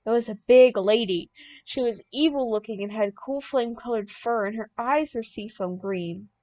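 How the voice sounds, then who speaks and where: A young woman reading a fan-written story aloud as an audiobook, plain and deadpan, bursting out loud in the dialogue. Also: a little high, normal speed. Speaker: audiobook reader.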